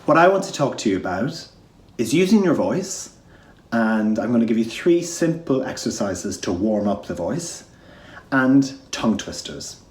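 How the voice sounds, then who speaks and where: A man teaches voice warm-ups as a home drama lesson and walks listeners through breathing exercises step by step. His pitch is mid-range for a man and his manner is encouraging. The recording is roomy and reverberant. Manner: encouraging, gives step-by-step instructions. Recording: echoey room.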